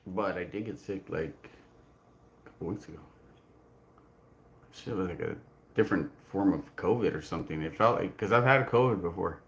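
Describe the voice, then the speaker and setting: A man's voice: sits low, moderate pace, pauses often, slight background noise. A man hosting a casual livestream, talking in a rambling way full of restarts and fillers. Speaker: livestream host.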